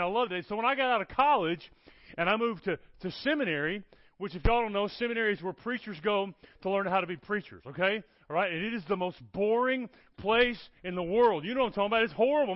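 A man's voice: high-pitched, no room sound. A man, telling stories in a sermon and often asking "okay? all right?". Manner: animated, keeps checking in with "okay? all right?". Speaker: guest preacher. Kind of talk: storytelling sermon. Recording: dull lo-fi sound, dry.

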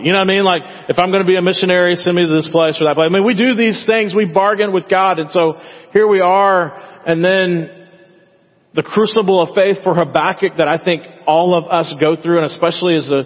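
Male pastor, chatty sermon delivery, slightly raised pitch, dull lo-fi room sound with reverb. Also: fairly even intonation, a little fast. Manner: conversational, acts out prayers in quoted voices. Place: church sanctuary. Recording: echoey hall, dull lo-fi sound.

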